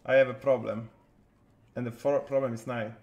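A man's voice: medium pitch, steady tone, normal speed, darkish tone, lo-fi sound. A man commenting on a card game as he plays live, chatting with his viewers in a loose way. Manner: chatty, answers viewer chat while playing. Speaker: streamer. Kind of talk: live-stream gameplay commentary. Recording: roomy echo.

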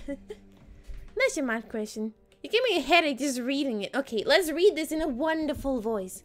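Giggly woman streamer, high lively voice, faint music under her. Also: measured pace. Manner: playful, giggly, answering chat. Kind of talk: casual live-stream chat while gaming.

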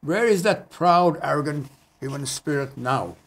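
A man with a somewhat raised pitch recites his own poetry. His delivery is earnest and measured, and he pauses for hesitant asides between poems. He is reading in a community TV studio. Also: lively intonation, a bit bright. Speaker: poet.

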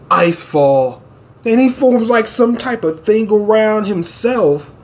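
Dude hyping over a manga chapter, cussing and laughing a lot, kinda high voice, faint hiss behind. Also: male voice. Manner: excitable, profane, laughs often, reads panels aloud. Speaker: manga reaction host. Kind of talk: casual reaction commentary.

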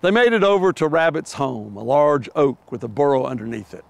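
A man's voice: on the high side, animated, brisk, vocal fry, dry recording. A middle-aged man preaching a sermon, telling a children's animal story with playful voices before turning to its lesson. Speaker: pastor.

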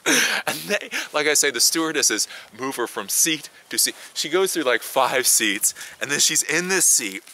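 A man hosting his own video channel, telling a travel story as casual chat, animated and swearing now and then. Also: mid-range voice, moderate pace, hardly any pauses. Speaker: tech video host.

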